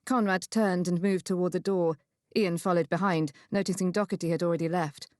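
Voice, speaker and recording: A woman reading a historical romance novel in an even, measured narration. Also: lowish voice, dry recording, clean studio sound. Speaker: audiobook narrator. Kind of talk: scripted narration.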